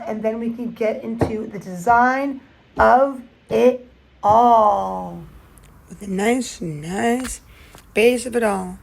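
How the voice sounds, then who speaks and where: A woman chatting upbeat through a nail art tutorial voice-over, playful and relaxed. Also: on the high side, gravelly, low-quality recording.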